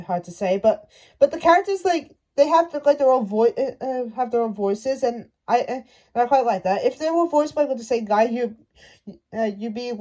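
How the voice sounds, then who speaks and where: Brief: high-pitched woman, fan rant, halting delivery full of restarts. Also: mellow. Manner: halting, stumbling, many restarts. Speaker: fan commentator. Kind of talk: casual rant to camera.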